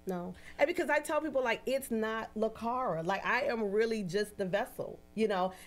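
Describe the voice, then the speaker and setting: A woman who works as a medium, a guest in a casual interview, telling animated anecdotes and acting out the voices of the people in them. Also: on the high side, normal speed. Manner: animated, acts out quoted dialogue in anecdotes; often adds "you know" and "right?".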